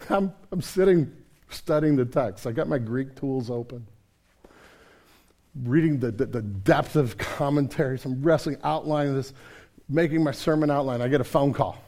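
A male pastor delivering a sermon in a folksy, conversational way. His voice sits a little higher than most men's. He swings between quiet, hushed passages and loud, passionate ones.

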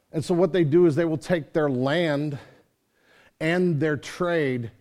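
A man's voice: a little high, a little mellow. A man preaching a sermon in a church, earnest and emphatic, rising in intensity as he teaches. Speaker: pastor.

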